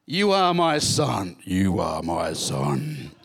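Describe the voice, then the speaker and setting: A man putting on a booming voice of God from heaven, slow, deep and grand. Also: huge pitch swings, gravelly, a bit bright, slightly rough, full character voice. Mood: solemn.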